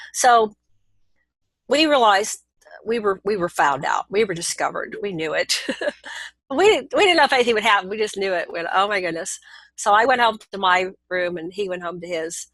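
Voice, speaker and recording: An older woman telling a long personal story as an interview guest, lively and animated with laughs, restarts and quick asides. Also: mid-range voice, no echo, poor audio. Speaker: interview guest recounting experiences.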